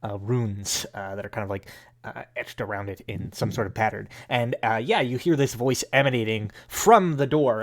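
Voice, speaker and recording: A man running a tabletop game as game master, describing scenes and explaining rules with many uhs and likes. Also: lowish voice.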